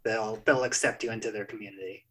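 A man's voice: fairly low pitch, steady tone, fast, bright, forceful tone, slightly rough. A man appearing as a guest on a casual podcast, hesitant and often restarting.

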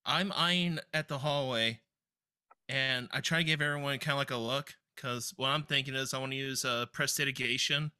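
A man playing a tabletop game, chatting casually in an excitable, stammering way. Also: medium pitch, normal speed, clean tone, no room sound, clean studio sound. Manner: excitable, stammering, laughs a lot. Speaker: player.

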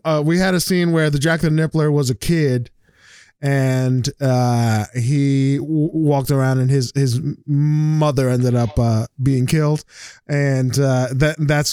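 A man's voice: medium pitch, mellow, clean tone, no echo, clean studio sound. A young man hosting a podcast, rambling through a funny story with many restarts and laughs. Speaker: podcast host. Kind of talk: casual chat, telling a funny story.

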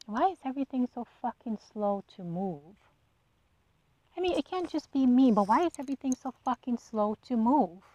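A woman's voice: fairly high pitch, lively intonation, normal speed, dark tone, dry recording, lo-fi sound. A woman hosting a solo podcast, talking bluntly and with exasperation, swearing freely and firing off rhetorical questions. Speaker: podcast host. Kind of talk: casual solo monologue.

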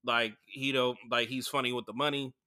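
Bright, animated comedy podcast host. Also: male voice, mid-range voice, a little fast. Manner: crude, animated, full of fillers. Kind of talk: casual comedic storytelling.

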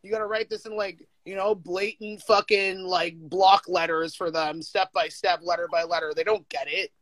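A young adult speaker in a casual interview, heated and emphatic, leaning on "like" and breaking into quick laughs. The recording is dry and close, with no room sound. The voice sits at a middling pitch. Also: no room sound. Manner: emphatic, animated, full of "like" fillers and quick laughs. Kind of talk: casual conversation.

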